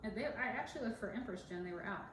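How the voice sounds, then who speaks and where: A woman's voice: mid-range voice, animated, very fast. Woman co-host, casual and giggly, rambling talk; echoey, noisy recording. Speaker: podcast co-host, dentist. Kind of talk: casual chat while mixing a cocktail. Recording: echoey room with background noise.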